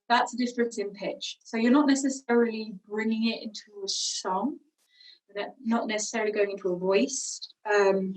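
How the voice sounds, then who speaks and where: Higher-voiced woman leading a warm-up. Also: distant mic, rough recording. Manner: calm, encouraging instruction with slow cues. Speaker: singing teacher. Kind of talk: guided vocal warm-up lesson.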